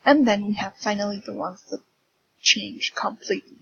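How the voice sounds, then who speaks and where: A woman teaching English pronunciation in a slow, careful lesson, saying each word clearly and repeating it. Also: medium pitch, a bit bright, no room sound, lo-fi sound.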